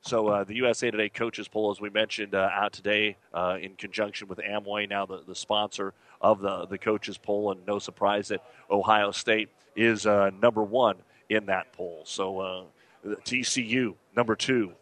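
A man hosting sports radio, reading scores and news in a steady, matter-of-fact way with fillers. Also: lowish voice, normal speed.

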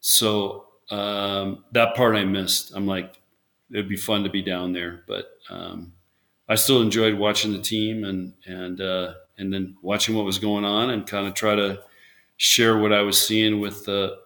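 A man's voice: fairly low pitch, little pitch movement, a little slow, a bit bright. A man, a former volleyball coach, chatting casually in an interview and telling rambling stories with lots of restarts. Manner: rambling storyteller, many restarts, acts out quotes.

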